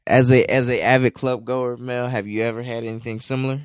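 A man's voice: mid-range voice, little pitch movement, a little fast, smooth, dry recording, clean studio sound. A man co-hosting a podcast, casually recapping an episode with a rambling delivery full of filler words. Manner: rambling, many "you know" fillers. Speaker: podcast co-host.

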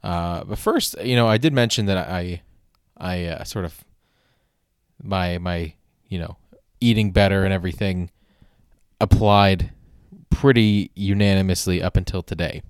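A man's voice: sits low, unhurried, smooth, no echo, clean studio sound. A man hosting a solo podcast, talking casually in a rambling, wry, self-deprecating way, with frequent restarts and casual swearing. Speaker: podcast host.

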